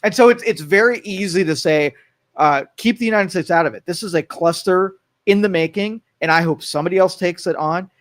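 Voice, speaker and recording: Animated male talk radio co-host. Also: high-pitched, brisk, dry recording. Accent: Northeast Ohio. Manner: animated, acts out quoted voices, frequent restarts. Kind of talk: casual political talk. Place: radio studio.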